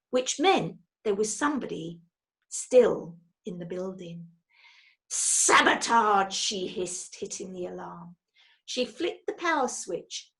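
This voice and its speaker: A woman reading a children's storybook aloud in a lively, expressive way. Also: mid-range voice, creaky. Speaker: storybook reader.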